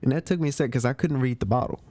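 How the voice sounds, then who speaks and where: A man's voice: mid-range voice, very fast, dark tone, no room sound. A man hosting a movie review show, chatting casually about spoilers in slang, often repeating himself and restarting his sentences.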